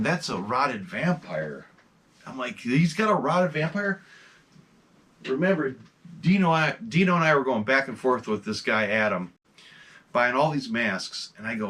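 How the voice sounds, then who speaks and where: Regular guy rambling excitedly about his masks, drops a swear here and there, mid voice. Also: mid-range voice. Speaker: mask collector and vlogger. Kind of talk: casual show-and-tell vlog.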